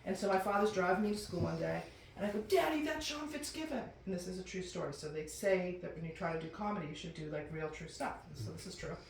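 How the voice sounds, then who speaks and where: Animated woman telling a story, from a distance. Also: quick pace, creaky, a little hiss or hum. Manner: chatty, animated, jumps into high voices for quoted people. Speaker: comedian telling a personal story. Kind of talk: stand-up storytelling. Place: room with a live audience. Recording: roomy, distant mic with faint ambience.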